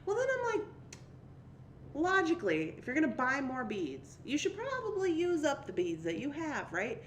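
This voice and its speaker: Chatty young woman host, animated voice, faint hiss behind her. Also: high voice, moderate pace, echoey room. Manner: chatty, laughs often, reads viewer comments aloud. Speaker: livestream host. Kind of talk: casual chat.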